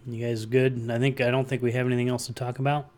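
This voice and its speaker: A man hosts a casual livestream, rambling through his chat with the viewers. His talk is loose and conversational, and he answers comments aloud as they arrive. His voice sits at an ordinary middle pitch. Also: flat delivery, fast, a little mellow, slight background noise. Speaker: livestream host.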